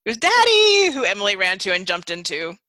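A woman hosting a casual interview, halting and searching for her words as she asks questions. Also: medium pitch, huge pitch swings, sharp tone, no room sound. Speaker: podcast host.

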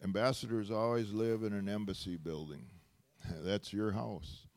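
A man preaching a sermon, telling stories with animated delivery, laughing often and rising to loud exclamations. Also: fairly low pitch, measured pace. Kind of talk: sermon storytelling.

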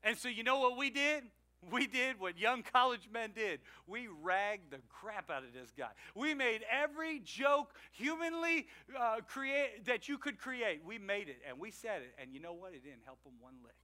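A man preaching a sermon, swinging between loud emphatic lines and quiet asides, and acting out the people he quotes. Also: high voice, expressive, moderate pace. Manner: acts out quoted people in changed voices. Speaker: pastor.

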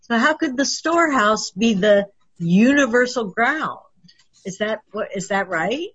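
A woman's voice: fairly high pitch, lively intonation, measured pace, a bit bright, husky. A woman in a class questions the teacher, sounding puzzled as she works through a point. Her voice has a slight husk. The recording sounds dull and lo-fi. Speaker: student.

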